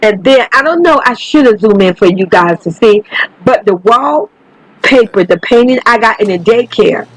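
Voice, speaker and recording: A woman's voice: mid-range voice, no echo, rough recording. A woman hosting her own channel, talking through her life-simulation game in a chatty way. She swears freely and keeps turning to her viewers. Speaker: gaming channel host. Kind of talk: casual gameplay commentary.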